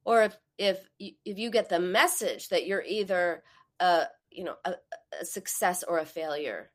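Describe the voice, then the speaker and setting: A woman hosting a podcast, a parent who gives advice in a conversational way and tells stories with lively quoted voices. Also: fairly low pitch, normal speed. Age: adult, a parent. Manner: animated storytelling, acts out quoted voices. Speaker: podcast host.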